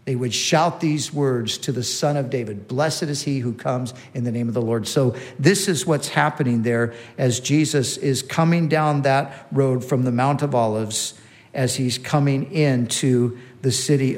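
A man preaching a sermon in a teaching manner, repeating key phrases for emphasis and restarting his sentences. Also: medium pitch.

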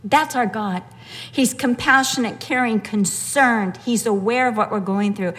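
A woman preaching a sermon, moving between low, earnest emphasis and lively, high-pitched storytelling. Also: measured pace, big-room sound. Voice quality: animated, swings from low earnest tones to high excited storytelling. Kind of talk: sermon with humorous personal story.

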